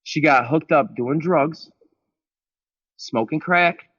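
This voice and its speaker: A man's voice: fairly high pitch, slow pace, fairly bright tone, slightly rough, dry recording, muffled recording. A man guest on a podcast, telling his story in a blunt, emphatic way with plenty of swearing. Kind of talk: candid storytelling interview.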